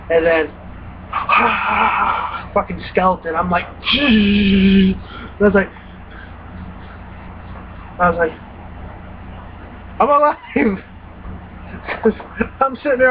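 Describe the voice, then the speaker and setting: A young man casually and profanely retelling scary game moments, acting out his own reactions. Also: high-pitched. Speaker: gaming vlogger. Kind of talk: casual rambling story. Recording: tinny phone-like recording with faint hiss.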